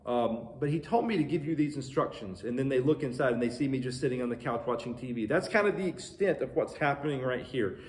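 A man preaching a sermon, reading scripture and retelling it in a conversational, animated way with questions to the listeners. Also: mid-range voice, quick pace, hardly any pauses, echoey room, slight background noise. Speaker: pastor.

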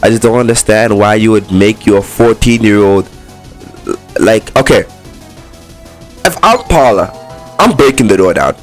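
A man giving excitable let's play commentary on a horror game, talking back to the game and swinging between boasting and panic. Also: lowish voice, a little slow, long pauses, soft background music. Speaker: gaming YouTuber.

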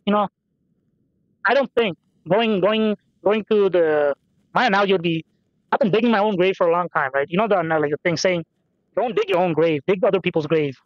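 Young man, high-pitched, musing let's-play chatter, casual swearing, dull lo-fi dry mic. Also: fairly quick, dry recording. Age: young adult. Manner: musing, self-deprecating, swears casually, says man a lot. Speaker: gameplay commentator. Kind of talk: rambling let's-play commentary.

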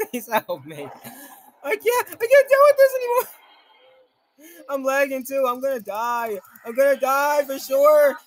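A man giving jittery, excitable live gameplay commentary, talking to himself and to viewers and exclaiming nervously throughout. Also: high-pitched. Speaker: gaming video creator.

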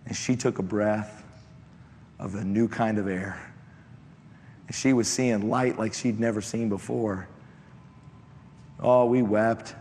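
A man preaching a sermon built on a personal testimony, telling the story in an impassioned way that climbs into shouted appeals. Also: lowish voice, fairly even intonation, takes it slowly, pauses often. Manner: impassioned, rising to shouted exhortation. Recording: echoey hall, faint background noise.

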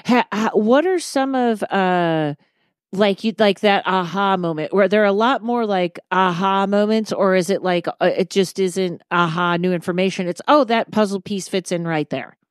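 A woman's voice: medium pitch, moderate pace, clean tone, dry recording. Woman, podcast host, mid-range voice, dry close sound, chatty and reflective. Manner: chatty, reflective, many fillers. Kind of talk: casual interview chat.

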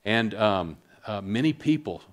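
A middle-aged man giving a filmed public talk, speaking earnestly and haltingly with many fillers, calm and reflective. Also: fairly low pitch. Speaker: speaker on suicide prevention.

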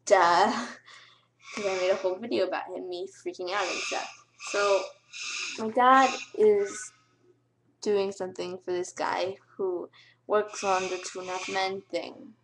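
A woman's voice: mid-range voice, steady tone, a little slow, background noise. A teenage girl thanking her subscribers in a casual vlog, gushing, giggly and close to tears. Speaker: vlogger.

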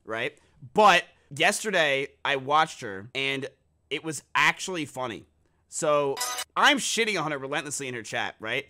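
A man's voice: mid-range voice, bright, forceful tone. A young male streamer in casual chat, mocking and profane, often laughing at his own jokes.

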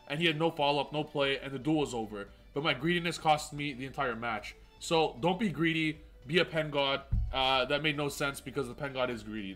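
A man's voice: a little high, fairly bright tone. A man hosting a gaming channel, giving hyped, boastful replay commentary of card game matches, full of trash talk and self-mocking jokes.

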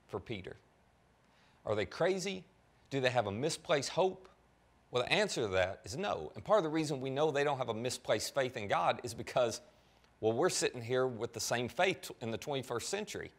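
A male pastor preaching a sermon, asking rhetorical questions. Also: mid-range voice.

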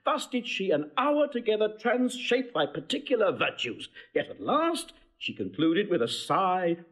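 A mocking nobleman prince played by a man in a stage play, his somewhat high voice leaping all over the scale as he teases. The delivery is playful and declamatory. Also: big pitch swings, unhurried, fairly bright tone, heavily acted.

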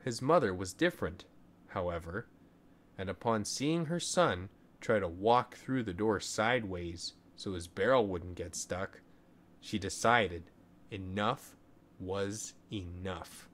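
A man reading a children's story aloud as the show's storyteller, in a gentle and expressive way. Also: sits low, slow.

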